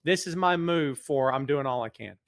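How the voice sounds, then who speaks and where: A man's voice: on the high side, moderate pace, no room sound. A middle-aged man hosting a live stream, greeting viewers by name and teasing them, then speaking earnestly. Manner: serious, earnest appeal. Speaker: podcast host. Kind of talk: casual live-stream chat. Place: large empty building. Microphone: in front of a camera.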